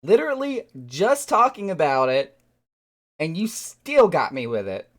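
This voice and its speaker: A game streamer chatting casually with live viewers, animated and quick to laugh, who trails off and repeats words while searching for them. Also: mid-range voice. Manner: animated, excitable, laughs often.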